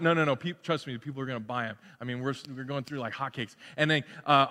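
A man preaching with a bright, forceful voice that rings out in a long hall echo. He is animated and playful, slipping into quick acted-out asides between the sermon lines. His pitch sits a little above average for a man. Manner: animated, acts out crowd and John in playful asides. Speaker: pastor.

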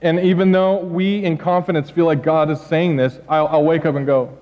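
Middle-aged pastor guy preaching, high voice, jokey and animated, dull recording with church echo. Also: normal speed, few pauses. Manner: animated, joking, acts out quotes. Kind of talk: sermon. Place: church hall. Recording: dull sound with long church reverb.

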